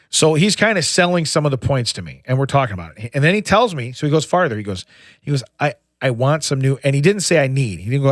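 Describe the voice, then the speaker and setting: A man's voice: medium pitch, big pitch swings, fast talker, dry recording. A middle-aged man chats on a podcast and spins a long, rambling story. His voice sits in a middle register and sounds dry and close, with no room around it. He restarts his sentences often and keeps slipping in "you know". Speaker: podcast co-host. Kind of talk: casual chat.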